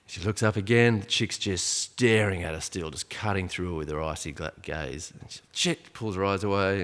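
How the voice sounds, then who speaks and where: A man telling a tense story in casual podcast chat, animated and full of asides. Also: deep voice, normal speed. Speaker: podcast guest. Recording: long reverb, echoey room.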